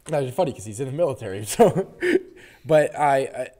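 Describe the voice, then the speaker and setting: A man on a casual gaming podcast, swapping stories with a friend. He rambles along with fillers and short laughs. His voice sits in an ordinary middle pitch. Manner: relaxed, rambling anecdote with fillers and quick laughs. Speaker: podcast co-host.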